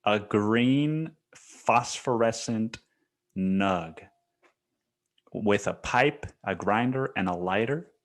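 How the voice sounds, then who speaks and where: A man's voice: fairly low pitch, expressive, extremely slow. A young man hosting a podcast, talking alone in a rambling, profane, casual way and saying "dude" often. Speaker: podcast host. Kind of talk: casual solo monologue.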